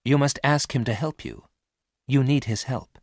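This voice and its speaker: A man voicing a calm, all-knowing male robot who speaks quietly and evenly. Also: mid-range voice, moderate pace, dry recording, studio quality, voice pushed up, close to an everyday voice. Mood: warning. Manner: quiet, even.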